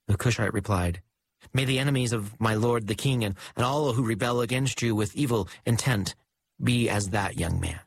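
A man reading scripture aloud in a measured, solemn liturgical style. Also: on the low side, husky, poor audio. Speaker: liturgical reader. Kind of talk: scripture reading and chanted responsory.

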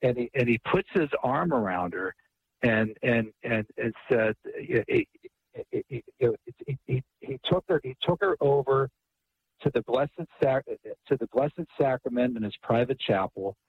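A man, an author and guest on a radio talk show, telling a story in an animated way and often repeating words. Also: medium pitch, a little slow, slightly rough, no room sound, lo-fi sound.

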